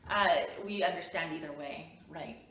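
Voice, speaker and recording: A young woman from Canada chats to the camera about home life in a loose, rambling way, dropping "like" into nearly every sentence. Her voice sits a bit low. The sound is roomy, with the mic set back from her and a faint hiss behind. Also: normal speed, bright, forceful tone, recorded from a distance. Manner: rambling, many "like" fillers, coos to her child. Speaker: mom vlogger. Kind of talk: casual chat to camera with her toddler. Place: home room.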